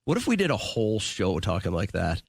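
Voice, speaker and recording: Animated male radio co-host. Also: on the low side, a little fast, vocal fry. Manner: enthusiastic, teasing. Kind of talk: casual radio banter.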